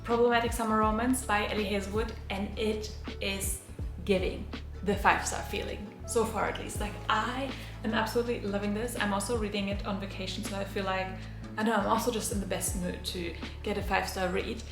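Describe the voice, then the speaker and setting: A woman's voice: mid-range voice, little pitch movement, fairly quick, echoey room, music in the background. A young woman vlogging casually about books she read, gushing and chatty with lots of fillers. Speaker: book vlogger. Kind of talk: casual reading vlog chat.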